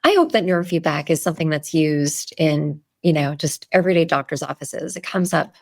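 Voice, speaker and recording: A woman's voice: low-pitched, animated, fairly quick, dry recording. A woman hosting a wellness podcast, asking questions between frequent affirmations. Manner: warm affirmations, frequent yeahs and ums. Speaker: podcast host. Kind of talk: interview conversation.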